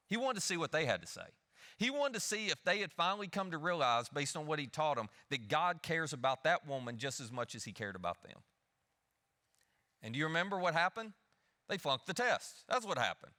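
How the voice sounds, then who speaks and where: Pastor preaching, bright lively voice bouncing around a big hall. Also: male voice, fairly high pitch, moderate pace. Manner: animated, acts out the people he quotes. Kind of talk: sermon. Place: church hall. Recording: long hall reverb.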